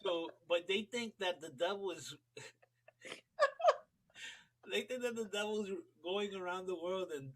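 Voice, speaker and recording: A man's voice: high voice, measured pace, pauses often, fairly bright tone, low-quality recording. An American man chatting casually as a regular on a talk show, telling rambling, amused stories. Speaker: regular guest. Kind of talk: casual chat.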